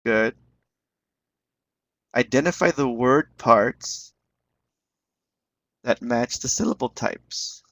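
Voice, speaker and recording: A man's voice: medium pitch, slow, creaky, long pauses, fairly bright tone, dry recording. A man leading an online teaching webinar, encouraging the class and repeating words as he explains them. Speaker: webinar instructor.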